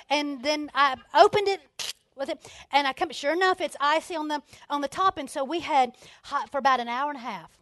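A middle-aged woman speaks to a church gathering, her voice sitting high and bright. She tells her story with animation and frequent laughter, then drops to hushed, earnest asides. The sound is close and dry, with no room echo. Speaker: speaker at a women's ministry event. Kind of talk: storytelling talk to a church audience.

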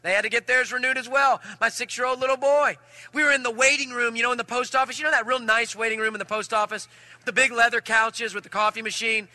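A male pastor with a very high, sharply bright voice tells a story from the pulpit. He is animated, moving between loud and hushed delivery. The sound is dry and close. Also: no room sound. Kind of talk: sermon with personal story.

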